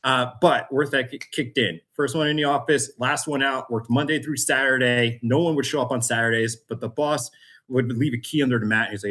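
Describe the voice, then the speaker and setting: A man's voice: mid-range voice, steady tone, a little fast, a bit bright. A man as a podcast guest, telling his story with energy, acting out other people's voices and laughing often. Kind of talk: storytelling interview.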